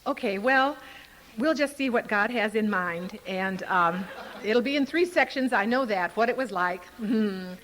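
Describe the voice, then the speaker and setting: With a medium-pitched voice and an unhurried pace, an older Al-Anon speaker entertains a live audience at a recovery convention. She's animated and playful in her storytelling, often breaking into laughter.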